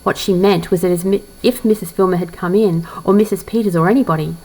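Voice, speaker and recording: A woman's voice: lowish voice, steady tone, mellow, low-quality recording. Woman reading a classic novel with commentary. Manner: measured, reflective. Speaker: audiobook reader.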